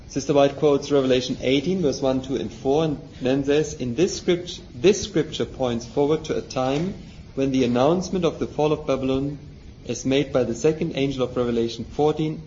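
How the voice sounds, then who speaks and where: A mellow, mid-range male voice leads a Bible study, reading passages aloud and explaining them by putting questions to his listeners. The recording is dull and lo-fi, with faint noise.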